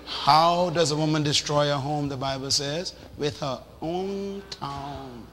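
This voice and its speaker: A man preaching a sermon in a lively, animated way, acting out little scenes and shouting for emphasis. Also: on the high side, unhurried. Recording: reverberant hall with faint noise.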